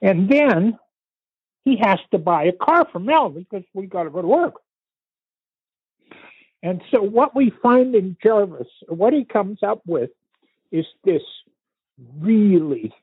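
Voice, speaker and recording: An older man from Canada recounting a family story in conversation, unhurried and vivid, with pauses and restarts. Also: high voice, slightly rough, no echo. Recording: tinny phone-like line, dry.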